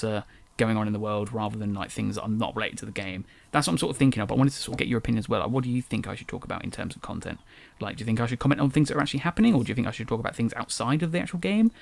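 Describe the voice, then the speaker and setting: A young English man who drops his T's chats through his solo podcast, rambling and correcting himself as he goes. His voice has a gravelly fry to it and comes quickly. The sound is dry and close, with no room around it. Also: mid-range voice, dry recording. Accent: English, dropped T's. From England. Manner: rambling, self-correcting, chatty. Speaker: podcast host. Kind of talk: casual solo podcast chat.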